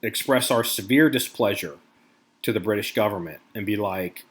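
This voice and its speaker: A man's voice: lowish voice, moderate pace, a little hiss or hum. A middle-aged American man hosting a podcast, ranting in a casual, profane way about current events. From United States. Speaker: podcast host.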